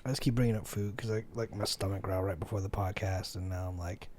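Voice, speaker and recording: A man's voice: low-pitched, fairly even intonation, fast, a little mellow. A man co-hosting a podcast in casual chat, goofy and jokey, swearing freely. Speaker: podcast co-host.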